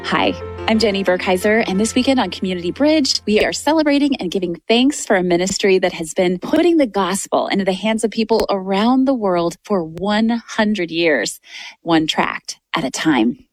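A woman's voice: mid-range voice, expressive, normal speed, faint music behind. A woman hosting a Christian radio interview show, affirming and welcoming her guest.

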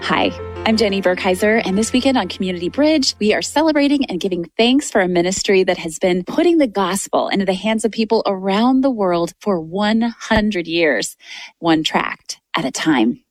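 A woman's voice: mid-range voice, lively intonation, moderate pace, no room sound. Female radio host, scripted intros, faint music bed. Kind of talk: Christian radio interview.

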